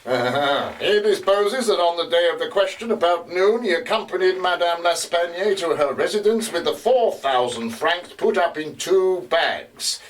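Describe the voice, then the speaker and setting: An actor playing a male investigator who reports witness testimony in a live stage drama, often pausing with hesitations. He is recorded from a distance. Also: high-pitched, expressive. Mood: measured. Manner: halting, with frequent hesitations. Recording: distant mic.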